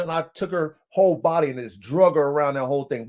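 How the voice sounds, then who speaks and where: A man hosting a podcast, telling a story in an animated, heated way, swearing and using lots of slang and fillers to his listeners. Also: medium pitch, very fast, few pauses, no echo, clean studio sound. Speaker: podcast host. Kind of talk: casual livestream storytelling.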